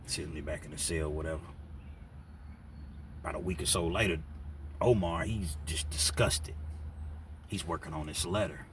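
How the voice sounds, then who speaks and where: A man's voice: very deep voice, normal speed, pauses often, a little hiss or hum. A man telling a story in a casual, slangy way, acting out what people said. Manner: animated, slangy, acts out quotes.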